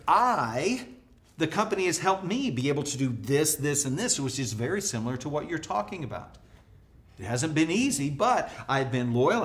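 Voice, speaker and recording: Man, leadership speaker; energetic lesson delivery, slightly high voice, playful acted-out asides. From United States. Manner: energetic, acts out dialogue with pitch jumps. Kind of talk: motivational workplace lesson.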